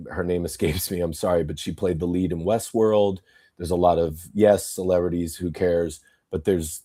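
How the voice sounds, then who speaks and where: A man's voice: low voice, warm tone, breathy edge. A man hosting a podcast, ranting angrily and profanely in an emphatic monologue. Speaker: podcast host.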